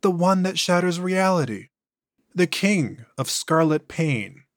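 A man voicing an ancient entity speaking through a possessed man's body, slow, measured and contemptuous. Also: sits high, lively intonation, no echo, studio quality, pitched above the performer's own voice. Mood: cold contempt.

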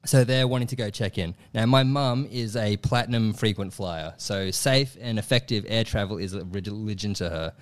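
A man's voice: lowish voice, normal speed, hardly any pauses. Young guy telling a funny story, keeps laughing, does little voices for everyone. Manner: animated, laughs often, acts out voices in quotes. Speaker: comedian guest telling a story. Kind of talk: casual storytelling.

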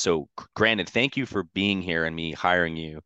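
A man's voice: low-pitched, moderate pace, bright, forceful tone, clear, resonant tone, no echo, muffled recording. A man, a podcast guest, telling a personal story in casual chat, rambling with lots of "like" fillers and candid swearing.

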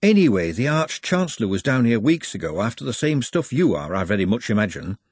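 Brief: haughty tired wizard-scholar, husky and lively, male narrator. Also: mid-range voice, fairly quick, dry recording. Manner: haughty, weary. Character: lofty weary male necromancer academic.

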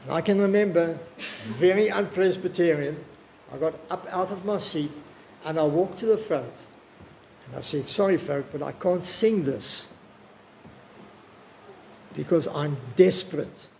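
Older male preacher, earnest and personal, gravelly, slightly high; faint room noise. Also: a little mellow. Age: 60s. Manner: earnest, personal, slows for emphasis. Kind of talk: sermon.

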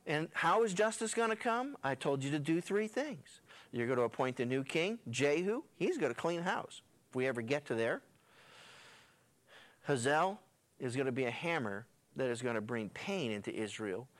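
A male pastor retells a Bible passage in his sermon with a homespun storytelling flavor and slang-filled side comments. He speaks at a medium pitch and moderate pace, sounding very animated.

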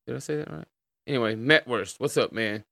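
A man's voice: mid-range voice, fairly quick, gravelly, pushed and bright, dry recording, clean studio sound. A man with an American accent hosting a livestream in casual chat, laid-back and swearing freely as he greets viewers. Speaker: livestream host.

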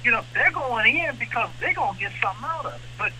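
A man co-hosting a radio talk show, speaking with an impassioned manner that climbs into animated outrage. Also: very high voice, fairly quick, a little hiss or hum, rough recording.

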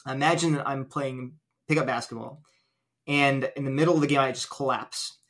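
A man's voice: mid-range voice, fairly even intonation, normal speed, fairly bright tone. A man as an interview guest, earnestly explaining an argument step by step with illustrations. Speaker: guest apologist.

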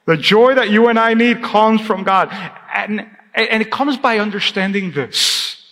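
A man preaching to his church in a high, bright voice. He calls out to the congregation and then drops to a near-hush for emphasis. His voice rings with the long reverb of a church hall. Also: measured pace. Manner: preaching with call-and-response, drops to a hushed tone for emphasis. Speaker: pastor. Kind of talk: sermon. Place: church sanctuary.

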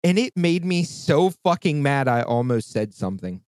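A man's voice: a little high, very animated, moderate pace, a little mellow, no echo. A man in his thirties, hosting a podcast in casual chat and telling a story in a heated, profane rant. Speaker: podcast host.

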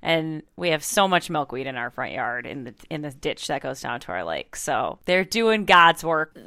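A woman co-hosting a science podcast, reacting quickly with playful asides and summing things up for listeners. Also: deep voice, big pitch swings, pushed and bright, dry recording, clean studio sound. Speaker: podcast co-host. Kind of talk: casual science podcast chat.

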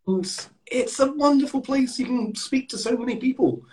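A British man hosting a casual podcast chat, animated and blunt, swearing now and then. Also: very high voice, moderate pace. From United Kingdom. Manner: animated, swears, mocks posh speech. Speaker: podcast host.

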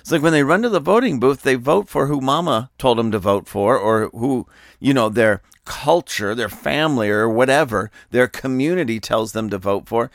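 A man's voice: medium pitch, fairly bright tone, no room sound, studio quality. A man hosting a political commentary podcast who preaches emphatically and tells stories to drive his points home. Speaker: podcast host.

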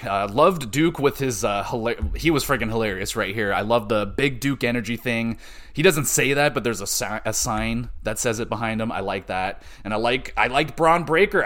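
A man's voice: mid-range voice, fairly bright tone. A man hosting a solo podcast, recapping a show in a loose, chatty manner with plenty of swearing. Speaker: podcast host.

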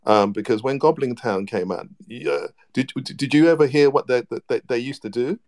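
A man joining a casual online group chat, enthusiastic but halting, with many ums and restarts. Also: mid-range voice, a little mellow. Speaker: participant in a live audio chat room.

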